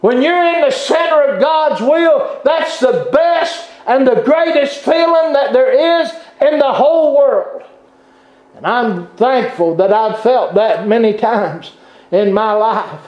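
Man, preacher, very high voice, fervent with halting restarts, echoey room. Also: darkish tone. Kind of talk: sermon. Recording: echoey room, dull lo-fi sound.

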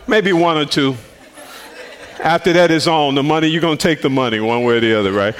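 A man preaching on the radio, telling personal stories in an animated way and often laughing. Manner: animated, laughs often, swings pitch widely.

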